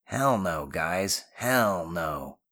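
A man's voice: sits low, animated, drawn-out words, bright, forceful tone, full character voice. A man voicing a nervous, skeptical boy who sputters in disbelief. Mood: refusing.

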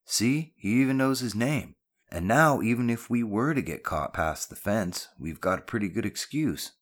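A man voicing a bold, grinning boy who leads his friends, brash and loud. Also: fairly low pitch, expressive, moderate pace, pitched above the performer's own voice. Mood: confident.

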